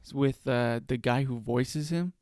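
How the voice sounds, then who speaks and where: A man's voice: mid-range voice, measured pace, a little mellow, no room sound, clean studio sound. A man co-hosting a casual podcast chat, talking hesitantly with lots of fillers and trailing off.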